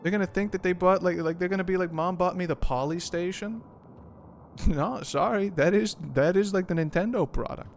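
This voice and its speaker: A man's voice: high voice, normal speed, vocal fry, a little hiss or hum. A man streaming a game, chatting casually in a rambling, profane, joking way.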